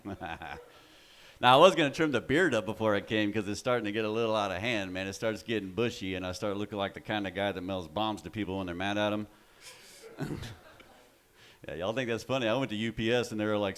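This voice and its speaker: A man's voice: lowish voice, quick pace, a bit bright. A man in his forties from West Texas with a Texan accent, doing a loose, profane stand-up set on a club stage and laughing at his own jokes. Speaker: stand-up comedian.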